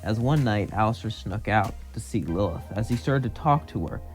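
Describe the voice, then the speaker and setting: A man's voice: on the low side, animated, normal speed. A man telling a fan-fiction story in run-on narration, stringing events together and quoting the characters' lines. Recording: faint music underneath.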